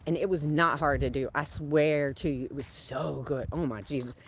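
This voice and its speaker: A woman's voice: low voice, steady tone, normal speed, slight background noise. A woman chatting casually to her live viewers while doing chores outdoors on a small farm. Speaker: farm vlogger. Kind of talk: casual live-stream chat.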